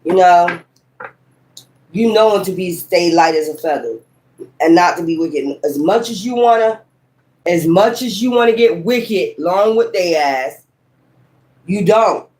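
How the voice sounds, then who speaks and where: A woman's voice: fairly low pitch, expressive, unhurried, pauses often, a little mellow, low-quality recording. A woman giving a casual tarot reading to camera, talking bluntly and heatedly, cussing often and breaking into sudden exclamations. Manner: rambling and emphatic, with sudden exclamations. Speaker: tarot reader.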